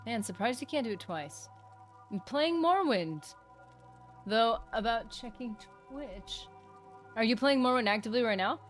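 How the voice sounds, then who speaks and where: A woman streaming a video game live, chatting casually, reading chat aloud and breaking into excited bursts. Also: a little high, moderate pace, faint music behind. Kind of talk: live gameplay commentary.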